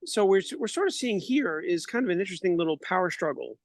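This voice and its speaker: A man's voice: high-pitched, lively intonation, quick pace, dry recording. A man co-hosting a podcast, musing about a TV show in a reflective, hedging way. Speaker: podcast co-host. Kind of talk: casual discussion.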